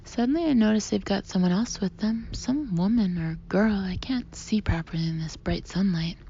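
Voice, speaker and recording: A woman narrating an audiobook in the first person, expressive, often sinking to a breathy half-whisper. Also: mid-range voice, normal speed. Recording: muffled lo-fi audio with faint hiss.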